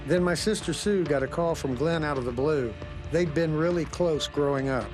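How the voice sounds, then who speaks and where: A man's voice: fairly high pitch, normal speed, low-quality recording. A man giving scripted documentary narration in a matter-of-fact storytelling manner. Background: loud music.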